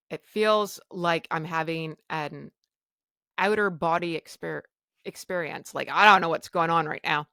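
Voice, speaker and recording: A woman with a lowish, gravelly voice hosts her own podcast. She tells her story candidly and bluntly, playing out each exchange of dialogue. The sound is dry and close, with no room around her. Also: fairly bright tone, no echo. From Canada. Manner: blunt, frank, acts out quoted dialogue. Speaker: podcast host.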